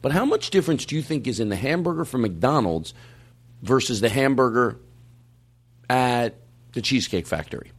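A male podcast host riffing in casual comedy chat, laughing often. His pitch swings widely as he jokes, and he keeps a loose, playful back-and-forth going. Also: normal speed, long pauses, slightly rough. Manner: lively, joking, laughs often.

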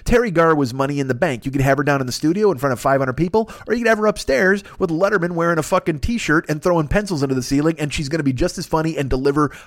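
A man hosting a podcast, telling stories in a rambling, profane, excitable comedic monologue. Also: on the high side, rapid-fire, few pauses, no room sound, studio quality. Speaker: podcast host.

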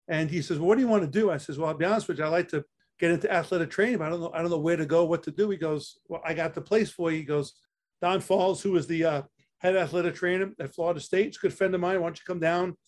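A man's voice: on the high side, steady tone, quick pace. Chatty older New York man. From Staten Island, New York. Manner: chatty, repeats words while telling stories. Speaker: interview guest, athletic trainer. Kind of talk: casual storytelling interview.

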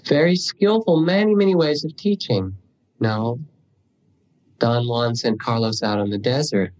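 A man giving a dharma talk as a meditation teacher, telling stories unhurriedly with pauses and the odd throat clearing. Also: mid-range voice, a little mellow, poor audio.

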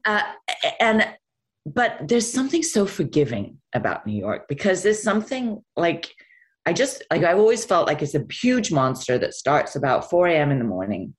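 A woman's voice: on the low side, moderate pace. A middle-aged woman chatting as a guest in an interview, telling stories with laughter. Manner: chatty, animated storytelling with laughs. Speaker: guest actress. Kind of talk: casual interview chat.

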